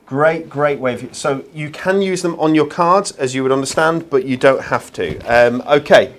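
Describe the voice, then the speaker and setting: A man's voice: on the high side, normal speed. Chatty man hosting craft TV. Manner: chatty, self-deprecating, filler-heavy. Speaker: craft TV show host. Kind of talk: live shopping-channel presenting.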